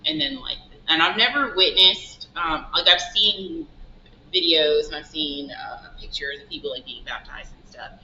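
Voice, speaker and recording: A woman who owns a shop, telling stories in a casual interview and acting out the dialogue in lively quoted asides. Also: low-pitched, normal speed, a little hiss or hum. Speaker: shop owner guest. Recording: roomy, dull lo-fi sound.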